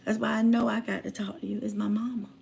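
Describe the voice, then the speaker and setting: A woman telling a personal story in casual chat, drifting from hushed asides to loud emphatic bursts. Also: mid-range voice, flat delivery, fast, vocal fry, a little hiss or hum. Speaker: channel host.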